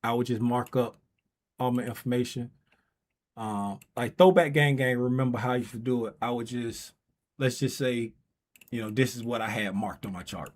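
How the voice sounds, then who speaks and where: A man's voice: medium pitch, steady tone, moderate pace. A man hosting a casual trading livestream, bantering and teasing his viewers in a loose, playful way.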